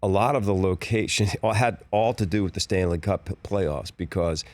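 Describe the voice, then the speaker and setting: A man in his sixties from Philadelphia speaks as an interview guest in a very deep register. His voice is recorded dry and close. He tells rambling stories in an easygoing way. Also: moderate pace, dry recording. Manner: relaxed, rambling storyteller. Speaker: actor guest. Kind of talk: casual interview chat.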